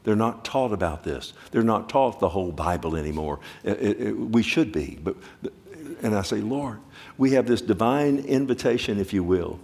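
A man with a somewhat low voice delivers a sermon. He swings from hushed, quickened asides to loud, drawn-out exclamations. He keeps asking his listeners questions. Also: lively intonation, vocal fry. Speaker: preacher.

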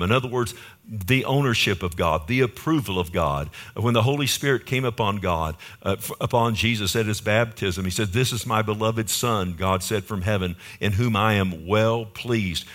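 Man, pastor, low voice, emphatic sermon, rhetorical questions. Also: fairly bright tone. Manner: emphatic, asks the congregation questions. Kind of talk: verse-by-verse sermon.

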